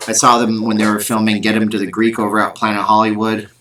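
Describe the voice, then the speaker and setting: A man's voice: lowish voice, completely flat delivery, quick pace, a bit bright, recorded from a distance. A man hosting a casual live stream from home, reading viewer questions aloud and answering in a rambling, self-deprecating way.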